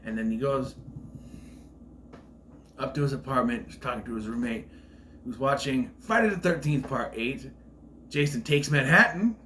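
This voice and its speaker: A man giving a casual spoiler review of a film, retelling scenes in an animated, profane way. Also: mid-range voice, moderate pace, long pauses, a little hiss or hum.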